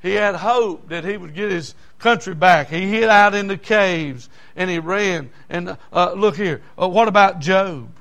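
High, bright-voiced preacher in his sixties. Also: measured pace, few pauses. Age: 60s. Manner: folksy, animated, with homespun asides. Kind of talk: sermon.

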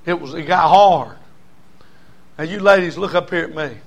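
Preacher, man, sermon to a congregation, a bit high-pitched, emphatic repeated lines, folksy jokes. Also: moderate pace, dull audio. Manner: emphatic, repetitive cadence, folksy humor. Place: church before a congregation.

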